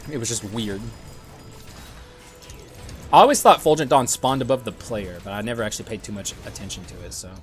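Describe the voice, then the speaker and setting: Young man, gameplay commentary, excitable, swears, dry throat, faint game music behind. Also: on the low side, a little fast, long pauses. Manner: excitable, swears often, clears his throat. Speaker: gaming YouTuber.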